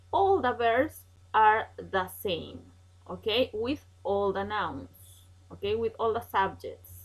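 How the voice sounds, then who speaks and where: A woman's voice: medium pitch, slightly rough, low-quality recording. A woman teaching an English grammar lesson online, patient and repetitive, checking in with "okay?" often.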